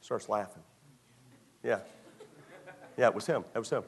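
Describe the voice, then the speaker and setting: A man with a lowish voice and vocal fry preaches a sermon to young people in church, speaking a little slowly while a crowd murmurs in the background. He retells a story in a conversational style, repeating phrases and acting out scenes.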